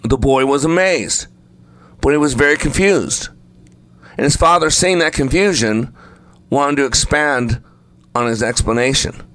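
A man's voice: mid-range voice, a little slow, pauses often, fairly bright tone. A man preaching a sermon, speaking emphatically and repeating phrases for effect. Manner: acts out the story voices while telling it.

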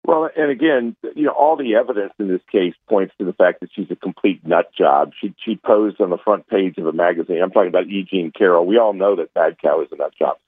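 A man's voice: deep voice, fairly quick, few pauses, no room sound. Man on a phone line, dry and tinny, combative and scornful political pundit. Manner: combative, scornful, with many fillers and restarts. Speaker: political contributor.

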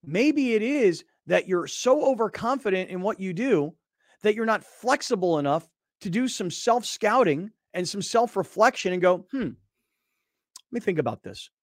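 A man's voice: high voice, expressive, normal speed, no room sound, clean studio sound. A man hosting a sports talk show, talking emphatically and with sarcasm.

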